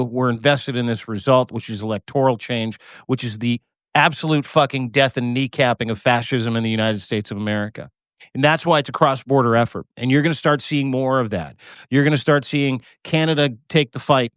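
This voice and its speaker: A man's voice: medium pitch, fairly bright tone, no room sound, clean studio sound. A man co-hosting a live video show, talking with fervent, emphatic passion, swearing and repeating himself, choked up with emotion. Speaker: co-host. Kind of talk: passionate live-stream chat. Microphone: remote video call.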